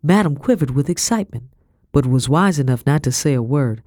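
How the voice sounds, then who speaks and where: Woman audiobook narrator, first-person historical fiction; steady, expressive, dry booth sound. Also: very deep voice, a little fast, dry recording.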